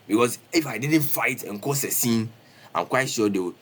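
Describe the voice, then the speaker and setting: Animated young man telling a story. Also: mid-range voice, normal speed, a little hiss or hum. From Ghana. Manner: animated, repetitive, peppers talk with "bro" and "Charlie". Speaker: streamer. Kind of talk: casual storytime livestream.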